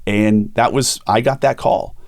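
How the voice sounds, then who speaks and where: Animated middle-aged male podcast host. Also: on the low side, a little slow, vocal fry, dry recording, studio quality. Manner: animated storytelling, acts out quoted voices. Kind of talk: candid conversational podcast talk.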